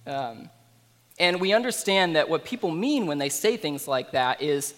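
A man preaches a sermon in an easygoing, conversational manner, slipping in fillers and asides. His voice sits fairly high for a man. A long reverb trails behind each phrase, as in a large hall. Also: lively intonation, moderate pace, a bit bright.

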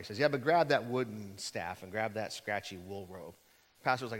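A man's voice: fairly low pitch, fairly quick. A man preaching a sermon in a conversational, storytelling way, acting out the people in his stories. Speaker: pastor. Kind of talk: sermon with a joke. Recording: long hall reverb.

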